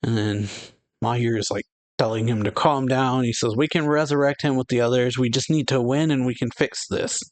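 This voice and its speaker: A man's voice: medium pitch, brisk. A man hosting a manga reaction, reading the dialogue aloud in a casual way and laughing often between lines.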